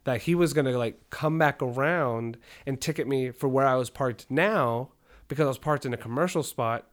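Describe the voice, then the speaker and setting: A man co-hosting a podcast, telling a story in casual, profane, rambling chat that grows loud and heated. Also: medium pitch, normal speed. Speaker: podcast co-host.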